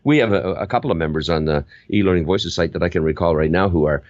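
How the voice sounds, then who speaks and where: Older man with a low, dry voice. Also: quick pace, dry recording, highs cut off. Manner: animated storyteller, acts out examples. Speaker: guest, voiceover veteran. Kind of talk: casual interview chat.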